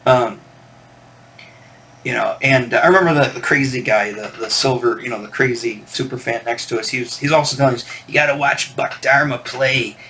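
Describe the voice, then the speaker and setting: A man's voice: mid-range voice, a little fast, fairly bright tone, slight background noise. A man hosting a record collector channel, telling a rambling, digressive story in casual chat to camera.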